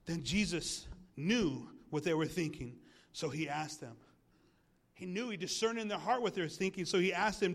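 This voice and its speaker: A male pastor preaching a sermon in a church, animated and jokey, asking the congregation questions. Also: a little high, normal speed, creaky.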